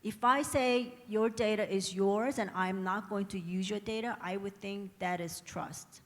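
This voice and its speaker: Lady lawyer on a panel, clear and explaining, tags "right?" a lot, echoey hall. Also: mid-range voice, a little slow. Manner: articulate, uses frequent tag "right?". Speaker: panelist, lawyer at a tech company. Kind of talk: panel discussion remarks. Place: conference hall. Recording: reverberant conference hall.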